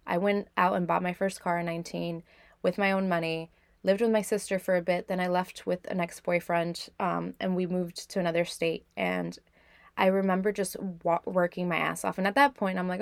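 Low gravelly-voiced woman telling her story. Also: moderate pace, no echo. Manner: candid, reflective, with frequent "like" fillers. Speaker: podcast host. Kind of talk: personal storytelling.

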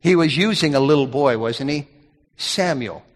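A man's voice: fairly high pitch, lively intonation, moderate pace. A middle-aged man preaching a sermon as a pastor, telling stories in a folksy way with frequent restarts. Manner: folksy storytelling with repeated restarts. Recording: long hall reverb.

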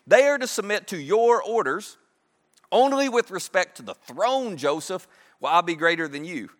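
A man's voice: sits high, sing-song, moderate pace, fairly bright tone. A man doing a commanding ancient king. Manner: proclamatory, then casual. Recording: echoey hall.

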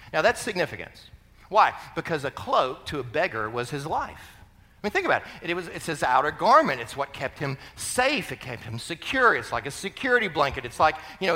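Animated preacher man in a reverberant hall. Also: a little high. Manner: animated preaching, shouting out quoted cries, conversational asides. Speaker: pastor. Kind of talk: sermon. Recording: long reverb of a large hall.

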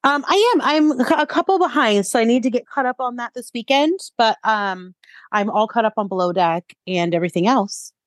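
A woman's voice: a little high, fairly quick, no room sound. A woman co-hosting a casual podcast about reality TV, talking thoughtfully with many hesitant fillers. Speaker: podcast co-host.

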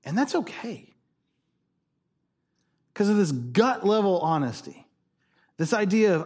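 High-voiced man preaching a sermon. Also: sing-song, unhurried, long pauses, darkish tone, breathy edge. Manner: conversational, jokey, emphatic. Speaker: pastor.

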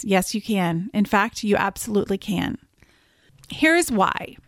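A woman in her thirties hosting a solo podcast. She tells stories in an animated way and often laughs. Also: mid-range voice, no echo, clean studio sound. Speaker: podcast host and business coach. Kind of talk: casual solo podcast talk.

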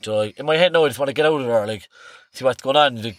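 A man's voice: mid-range voice, racing, no room sound, studio quality. A young Irish man telling a rambling night-out story on a podcast, swearing freely and tagging his sentences with "like" and "right?". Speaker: podcast guest. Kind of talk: casual storytelling.

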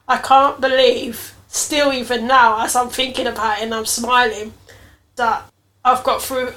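A woman's voice: on the high side, fairly bright tone. A woman hosting her own podcast, telling a personal story in an earnest, reflective way, with emotional emphasis. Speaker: podcast host.

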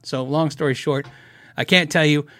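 A man's voice: fairly high pitch, steady tone, moderate pace, a bit bright, no echo. A middle-aged man hosting a casual live show, chatting and giggling as he rambles through stories and viewer questions. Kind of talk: casual live-stream chat.

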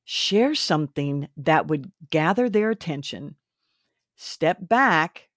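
A woman's voice: low voice, animated, slow, no echo, studio quality. A woman hosting a faith and parenting podcast, talking earnestly and instructively, a little preachy. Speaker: podcast host. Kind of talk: faith-based parenting talk.

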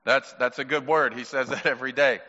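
A little fast and steady in tone, a male pastor's medium-pitched voice sounds bright and forceful as he asks children playful questions in a children's sermon. The muffled recording from the church sanctuary has long reverb.

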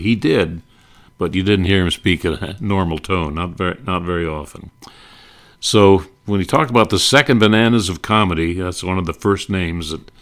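An older man hosting a rambling, nostalgic talk, with frequent pauses and restarts. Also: sits low, a bit bright. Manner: rambling, many fillers and restarts. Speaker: host.

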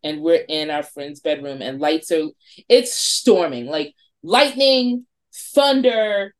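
A woman's voice: deep voice, slow. Woman in her forties telling a spooky tale. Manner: lively, swears freely, acts out friends' lines. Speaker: podcast guest, wine shop owner. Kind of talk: animated spooky storytelling.

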